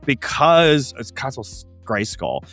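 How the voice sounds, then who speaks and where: A man hosting a tabletop gaming show, explaining ideas in an animated, casual way with quick asides. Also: medium pitch, soft background music.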